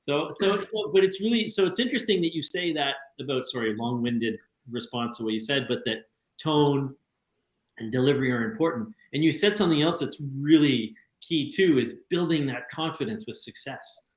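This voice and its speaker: A man hosting a podcast, talking quickly and chattily, with frequent restarts and repeated words. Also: mid-range voice, expressive, echoey room, poor audio. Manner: fast, repetitive restarts, chatty. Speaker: podcast host. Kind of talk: casual conversation.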